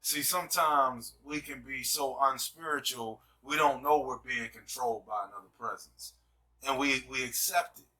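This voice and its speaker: A male host speaks in an emphatic, preacher-like way during a casual discussion, his medium-pitched voice very bright and forceful at a normal speed. He builds his points while repeatedly checking in with the listener, saying "you see what I'm saying." He sounds a little distant from the mic.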